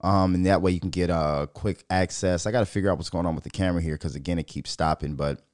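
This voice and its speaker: A man from Minnesota hosting his own podcast, talking casually, swearing a lot and riffing into animated rants. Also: sits low, fast, no room sound, studio quality. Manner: profane, animated, riffing and ranting. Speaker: podcast host. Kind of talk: casual solo podcast rant.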